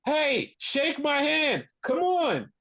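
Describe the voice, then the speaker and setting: Host doing a high whiny wrestler guy begging for a handshake, dull muffled audio. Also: big pitch swings, takes it slowly, pushed and bright, no echo, exaggerated voice. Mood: pleading. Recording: dull lo-fi sound.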